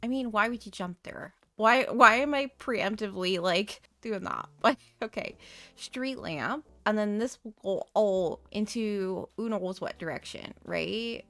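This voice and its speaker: A woman chatting casually to herself while decorating in a life-sim game, giggling and thinking out loud. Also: mid-range voice, animated, measured pace, gravelly. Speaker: game streamer. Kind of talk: casual gameplay commentary.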